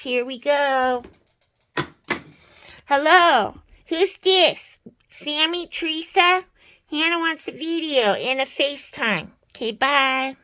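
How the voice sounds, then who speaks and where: A woman playing with stuffed animals, talking in a slow, coaxing, babying sing-song manner. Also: sits high, bright, forceful tone, a little hiss or hum. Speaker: caregiver playing with toys. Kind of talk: playful talk to an adult in her care.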